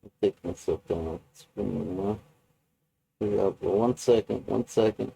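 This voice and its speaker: Give me a man slowly talking through a personal video journal, low-pitched and halting. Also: gravelly, mellow, slightly rough, poor audio. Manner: halting and rambling, many restarts and fillers.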